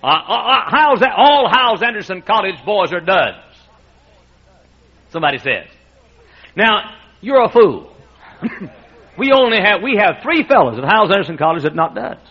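High, lively-voiced preacher, husky. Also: male voice, moderate pace, pauses often. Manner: emphatic preaching with frequent laughter from the room. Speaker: pastor. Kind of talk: sermon. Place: church sanctuary. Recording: muffled lo-fi sermon recording.

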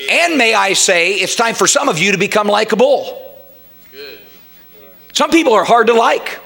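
Preacher guy, emphatic, voice swoops all over and gets shouty. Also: high-pitched. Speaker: pastor. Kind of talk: sermon.

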